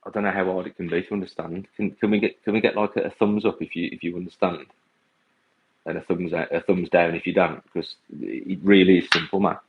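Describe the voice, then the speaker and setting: Blunt low-voiced man on tinny audio. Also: steady tone, fairly quick. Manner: blunt, exasperated, repeats himself. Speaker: vegan coach and activist. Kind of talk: livestream rant to viewers.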